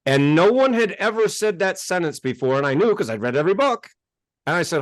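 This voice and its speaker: A man from the United States, a self-help author telling his life story as an interview guest, animated and acting out conversations. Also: high voice, brisk, no echo, clean studio sound. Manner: animated, gets worked up and acts out exchanges.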